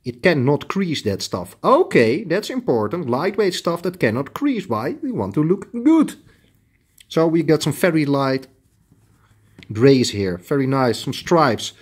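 A man's voice: on the high side, very animated, measured pace, slightly rough. A middle-aged man with a Dutch accent, a tailoring shop owner chatting bluntly as he shows fabrics to the camera. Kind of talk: casual product showcase.

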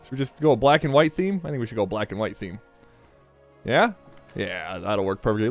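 Animated, jokey let's play host man. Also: fairly low pitch, a little fast, soft background music. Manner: jokey, rambling, swears freely. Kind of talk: casual gameplay commentary.

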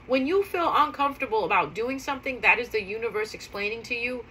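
A woman's voice: on the high side, lively intonation, quick pace, bright, forceful tone, slight background noise, poor audio. A woman talking casually to viewers, telling stories in a chatty way and repeating key phrases for emphasis. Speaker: spiritual vlogger. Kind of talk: casual storytelling monologue.

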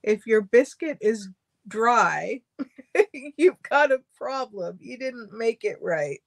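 A woman chatting on a livestream, taking her time as she tells a story and laughing often along the way. She speaks slowly in a dry, close sound with no room echo. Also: on the high side, expressive, vocal fry. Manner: unhurried storytelling, laughs a lot. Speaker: livestream co-host. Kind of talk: casual chat.

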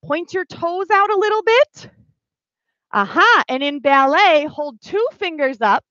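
A woman teaching a pre-recorded ballet class to small children, with an animated, sing-song way of talking. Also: very high voice, unhurried, no room sound, muffled recording.

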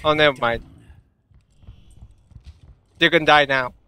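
A man giving live gameplay commentary, swinging between excited shouts and giggling, muttered asides. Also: on the high side, moderate pace, pauses often, faint music behind. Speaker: gamer.

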